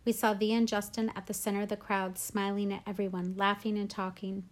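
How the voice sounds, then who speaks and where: A woman's voice: medium pitch, flat delivery, a little fast. Woman reading a novel aloud. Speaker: read-aloud host.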